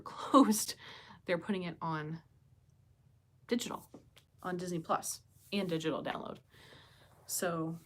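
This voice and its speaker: Chatty woman hosting a live chat. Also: lowish voice. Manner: chatty, thinks aloud with fillers and questions to viewers. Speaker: livestream host chatting with viewers. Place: home with pets nearby.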